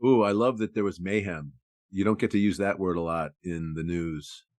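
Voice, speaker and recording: A man's voice: low voice, normal speed, a little mellow, no room sound, studio quality. A man co-hosting a podcast, joking and riffing in casual chat. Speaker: podcast co-host.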